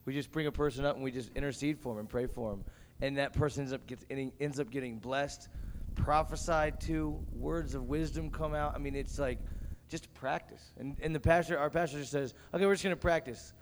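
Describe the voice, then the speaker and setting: A man's voice: mid-range voice, steady tone, normal speed. A young man moderating a youth panel, upbeat and joking as he asks the crowd for questions. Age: young adult. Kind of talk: casual panel talk with an audience. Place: camp meeting hall. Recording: echoey hall with faint background noise.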